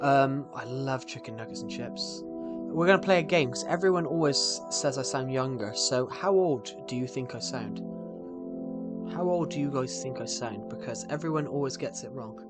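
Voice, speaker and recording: A British man in his twenties with a mid-range voice, speaking at a moderate pace. He chats and rambles while answering viewer comments on a gaming live stream, with music playing under his voice.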